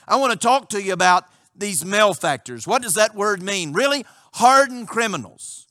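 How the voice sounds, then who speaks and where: A man's voice: high voice, very animated, moderate pace, bright, forceful tone, dry recording, studio quality. A male pastor preaching a sermon with passion, asking rhetorical questions of his congregation.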